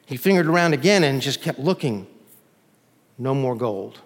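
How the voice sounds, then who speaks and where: A male pastor preaching a sermon in a church, emphatic, swinging from loud peaks to soft drops. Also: medium pitch, expressive, normal speed, big-room sound.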